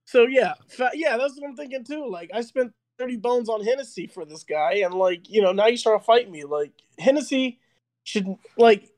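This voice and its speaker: A young man casually telling a story, animated and laughing, full of filler words. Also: very high voice, moderate pace, dry recording.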